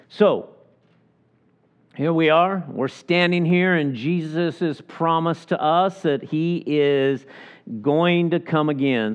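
A man preaching a sermon as pastor, earnest, slowing down to stress scripture verses. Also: a little high, steady tone. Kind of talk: sermon with prayer. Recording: dull lo-fi sound.

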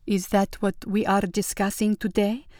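A woman voicing a sly young countess who speaks slowly with mock-polite innocence. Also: mid-range voice, flat delivery, darkish tone, no room sound, studio quality, natural voice. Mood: mock innocent.

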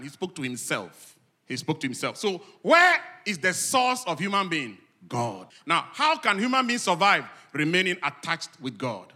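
A man preaching a Sunday sermon to a live congregation. He asks the congregation questions and answers them himself, and he swings between loud, emphatic lines and soft, low asides. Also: big pitch swings, normal speed. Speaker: pastor. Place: church service with a live congregation.

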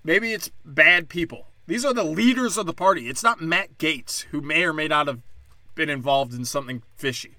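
On his solo podcast, a man who is also a stand-up comedian rants angrily in a fairly high, pushed and bright voice at a brisk pace, recorded dry. His monologue is full of swearing and sarcasm, and he mocks others by putting on voices.

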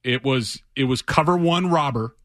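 A man's voice: medium pitch, normal speed, fairly bright tone, no echo. A man, a football reporter appearing as a guest in a radio studio, explaining plays in careful detail in a casual way. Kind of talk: sports radio talk.

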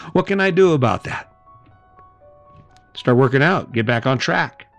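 A man's voice: medium pitch, a bit bright. A middle-aged man hosting a motivational podcast, talking casually and acting out short everyday exchanges. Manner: casual, chatty, laughs and acts out little scenes. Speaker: podcast host.

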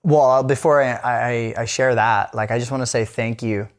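A man's voice: mid-range voice, fairly even intonation, normal speed. A man co-hosting a podcast, talking candidly in a casual chat, rambling with many fillers and restarts. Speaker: podcast co-host.

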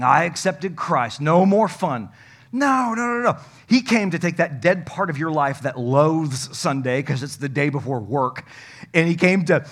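A male pastor preaching a sermon, emphatic and folksy, joking with the congregation and swinging from loud to hushed. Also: fairly high pitch.

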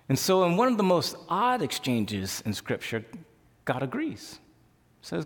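A male pastor preaching a sermon in a conversational, animated way. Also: medium pitch, moderate pace. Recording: long hall reverb.

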